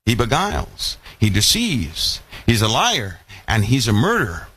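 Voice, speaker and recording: A man's voice: fairly low pitch, unhurried, breathy edge. A man preaching a live online Bible lesson, asking many rhetorical questions. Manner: animated, full of rhetorical questions.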